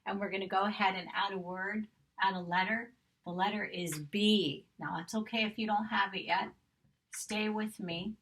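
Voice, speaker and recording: A woman's voice: mid-range voice, steady tone, normal speed, a bit bright. A woman teaching a phonics lesson to young children, patiently sounding out letters and vowel sounds and praising them often. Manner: encouraging praise directed at children. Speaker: kindergarten teacher.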